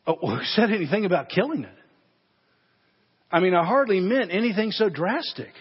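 A man's voice: mid-range voice, normal speed, husky. A man voicing a frightened, whining man from hell who keeps making pleading excuses. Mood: evasive. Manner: pleading, evasive, rising to panic. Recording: dull, echoey church sermon recording.

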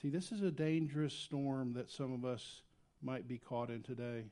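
A man preaching a sermon as pastor, swinging between loud emphatic lines and quiet, low asides. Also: normal speed. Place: church sanctuary.

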